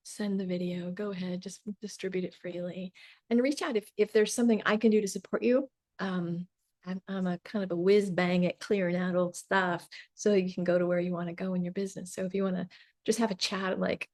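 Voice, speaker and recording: Casting: woman business mentor, chatty and animated, voice a bit worn from talking, mid pitch. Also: brisk. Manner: animated, chatty, lots of "like" and "right?". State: voice tiring from long talking. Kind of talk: casual talk to camera.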